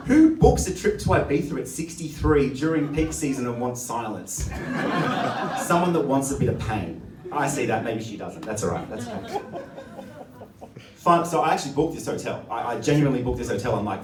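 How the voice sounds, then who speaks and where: A man's voice: medium pitch, a little fast, a crowd in the background. A man doing a stand-up comedy set, telling crude, sardonic stories. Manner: crude, sardonic storytelling with lively swings. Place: comedy venue with audience. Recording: echoey live venue, distant mic. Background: audience laughter and room ambience.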